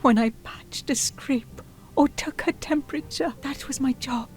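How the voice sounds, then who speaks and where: A woman's voice: high voice, measured pace. A woman voicing a devoted nurse in a video game, speaking with heartfelt, pleading emotion. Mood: tender grief.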